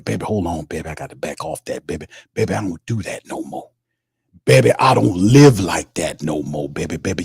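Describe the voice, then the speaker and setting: A boastful, smooth-talking reverend, put on by a man. He drawls "baby" after nearly every phrase in a low, husky voice. The sound is dry and close, with no room around it. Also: no echo, heavily acted.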